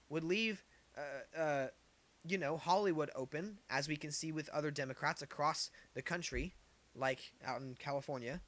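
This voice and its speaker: A man's voice: on the high side, a bit bright. A man giving opinionated political commentary, getting heated, firing off rhetorical questions and repeating his points. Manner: heated, gets worked up.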